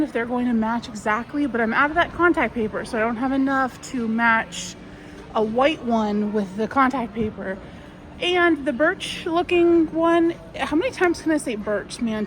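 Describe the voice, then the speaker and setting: A young woman with a fairly high voice talks straight to her viewers as she browses busy stores. Her tone is chatty and self-mocking, and it comes across as casual handheld vlog sound. Faint store noise sits behind her. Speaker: vlogger. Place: busy big stores, indoors.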